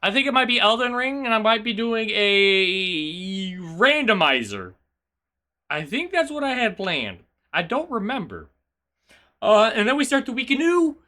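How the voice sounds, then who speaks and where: A male streamer chats casually with his viewers, chaotic and energetic. His voice sits high and sounds bright and sharp.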